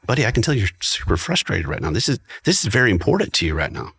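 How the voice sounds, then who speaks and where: A man's voice: on the low side, wildly swooping pitch, quick pace, vocal fry, bright, forceful tone, breathy edge. A man who is a guest on a podcast, talking reflectively to dads in a casual chat and quoting what he says to his kids. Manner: reflective, quotes himself, talks to dads directly.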